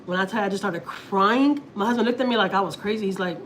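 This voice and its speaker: A woman's voice: medium pitch, fast, a little hiss or hum. Rambling Houston woman telling a story. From Houston, Texas. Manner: rambling storytelling, acts out her own quotes. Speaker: family vlogger on a livestream. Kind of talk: casual livestream chat.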